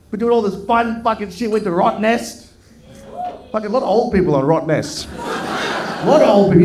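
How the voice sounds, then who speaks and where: Stand-up comic from Melbourne, male, high voice, swears a lot and ribs the crowd; live club recording with an echoey room and loud audience. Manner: crude, sweary banter with the crowd. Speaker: stand-up comedian. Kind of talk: stand-up comedy set.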